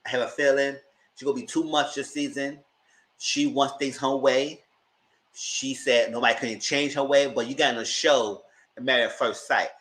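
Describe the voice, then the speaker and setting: A man's voice: mid-range voice, fairly even intonation, moderate pace, fairly bright tone, rough recording. A man hosting a casual live review of a reality TV show, chatty and emphatic as he talks straight to his viewers.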